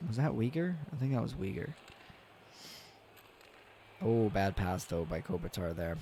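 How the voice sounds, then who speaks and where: Excitable, swearing young man streaming a game. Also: fairly low pitch, a little slow, vocal fry, long pauses, slight background noise. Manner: excitable, swears often, yells at big plays. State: yawning, tired. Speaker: gaming streamer. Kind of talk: casual game commentary.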